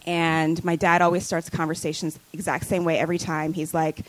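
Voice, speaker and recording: Woman, podcast guest, hesitant storytelling, lowish pitch, dry sound. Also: little pitch movement, fairly quick, hardly any pauses, no room sound, poor audio. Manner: hesitant, lots of ums and likes. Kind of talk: casual storytelling.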